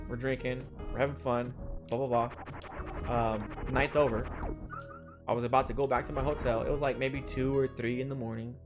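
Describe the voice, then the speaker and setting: Casting note: young male game streamer, easygoing, rambling storyteller who keeps saying "like", with game music underneath. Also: mid-range voice. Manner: rambling, with many "like" fillers and chuckles. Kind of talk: casual storytelling while playing a game.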